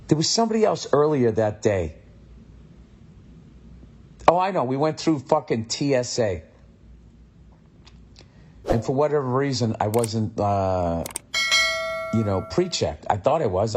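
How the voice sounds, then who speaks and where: A man's voice: fairly low pitch, a little mellow, slightly rough. A man telling an exasperated, profane comedic story on his podcast. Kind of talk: casual comedic rant.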